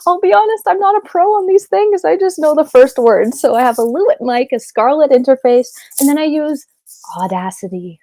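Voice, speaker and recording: A woman voice actor being interviewed, bubbly and prone to giggling as she rambles through her answers. Her voice sits a little high and sounds close and dry, with no room around it. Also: lively intonation, fairly quick, warm tone, dry recording. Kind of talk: casual interview chat.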